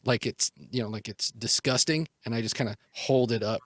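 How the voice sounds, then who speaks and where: A man's voice: medium pitch, fairly quick, a bit bright, no room sound. Player, man, dry close sound, casual rambling. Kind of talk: describing actions in a tabletop game.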